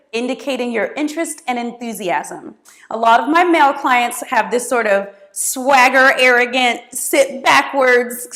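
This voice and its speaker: A woman in her thirties, a career coach giving expressive, hands-on advice straight to camera. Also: on the high side. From United States. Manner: expressive, gestures a lot while talking.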